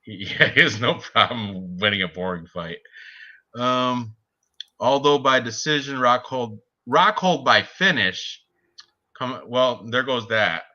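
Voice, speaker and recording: A man co-hosting a casual sports betting chat, talking excitably and laughing at his own jokes. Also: medium pitch, slow, highs cut off. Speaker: podcast co-host.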